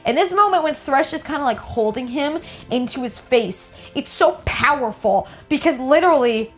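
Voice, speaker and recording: A woman hosting a reaction video, casual and excitable, gushing and swearing lightly. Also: high-pitched, normal speed, faint music behind.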